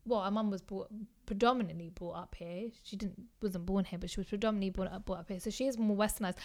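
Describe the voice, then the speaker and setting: A woman's voice: medium pitch, fairly even intonation, fast talker. Blunt young woman, casual podcast chat. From England. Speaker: podcast co-host.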